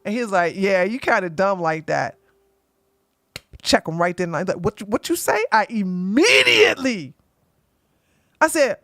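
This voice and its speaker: A woman hosting an opinionated commentary show, talking bluntly and emphatically, often tagging points with "okay?" and getting loud when she acts out arguments. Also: mid-range voice, measured pace, pauses often, no room sound. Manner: gets loud and animated when acting out arguments. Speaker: commentary channel host.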